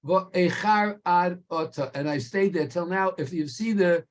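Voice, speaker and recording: A man teaching a Torah class, explaining slowly and stretching key words for emphasis. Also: high voice.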